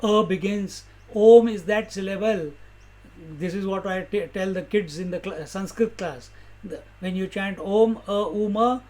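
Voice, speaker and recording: A man teaches scripture in a relaxed discourse. His voice sits high, and he takes his time, pausing and posing questions to his listeners before answering them. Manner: slow, unhurried teaching with rhetorical questions and soft laughs. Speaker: spiritual teacher.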